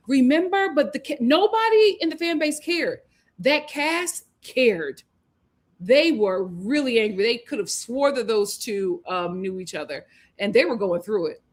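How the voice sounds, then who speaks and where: A woman with a slightly high voice hosts a live show recap. She talks emphatically and argues her points, reading out viewers' comments as she goes. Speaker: host.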